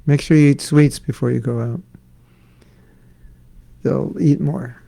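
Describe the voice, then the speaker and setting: Brief: middle-aged male spiritual teacher, gravelly and warm, chatty class with jokes. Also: medium pitch, steady tone, a little slow, low-quality recording. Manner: conversational, joking asides. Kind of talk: scripture class with questions. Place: class in Florida.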